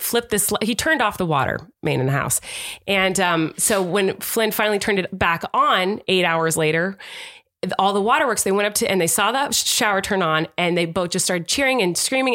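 A woman's voice: medium pitch, fairly bright tone. A woman co-hosting a podcast, telling a family story in a rambling, affectionate, teasing way. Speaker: podcast co-host. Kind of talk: casual storytelling chat.

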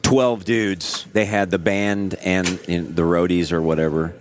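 A middle-aged man co-hosting a podcast, chatting casually and telling animated stories full of quoted voices. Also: deep voice, unhurried, slight background noise. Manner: animated storyteller, breaks into quoted voices and song. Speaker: podcast co-host. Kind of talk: casual chat.

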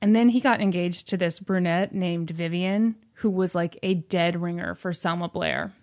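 A woman's voice: lowish voice, normal speed. Give me a chatty, wry woman host retelling a movie plot. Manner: chatty and wry, acting out quotes. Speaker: podcast host. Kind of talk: casual chat retelling a movie.

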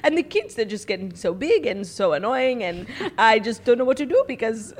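Woman playing a smug British royal, haughty and mock-formal, lively high voice, comedic improv. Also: normal speed. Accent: put-on British. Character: pompous snooty British prince, older brother.

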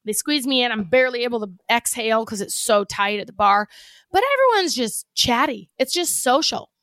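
High, animated woman co-hosting a podcast. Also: fairly quick, no room sound. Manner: animated storyteller, swears freely. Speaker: podcast co-host. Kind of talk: casual chat.

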